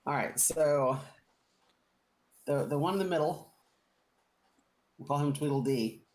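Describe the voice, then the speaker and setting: A man's voice: fairly high pitch, measured pace, darkish tone. A man running a tabletop game as game master, describing the scene with playful, rambling detail.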